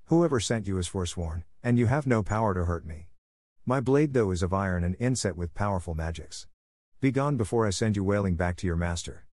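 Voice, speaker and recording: A man's voice: low-pitched, lively intonation, a little fast, darkish tone, no echo, clean studio sound. A man voicing a brutal, nervous soldier who answers with blustering defiance. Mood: defiant. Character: brutal, nervous middle-aged male sergeant.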